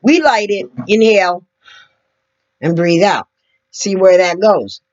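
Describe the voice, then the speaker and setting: Slow, earnest woman vlogging on lo-fi audio. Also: medium pitch, a little mellow. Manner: slow, earnest, demonstrating as she talks. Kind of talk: explanatory to-camera vlog. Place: indoor room at a computer. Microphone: computer mic several feet away.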